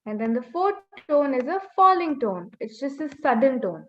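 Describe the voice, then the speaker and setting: High-voiced teacher, muffled webinar. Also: female voice, very animated, normal speed, few pauses. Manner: patient, repeats key points, models sounds. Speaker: Mandarin teacher. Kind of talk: online language lesson. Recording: slightly muffled webinar audio.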